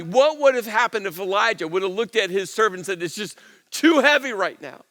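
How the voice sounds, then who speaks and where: High, bright-voiced man preaching in a hall. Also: animated, a little fast. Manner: earnest, conversational preaching with soft low asides and emphatic rises. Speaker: pastor. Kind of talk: sermon.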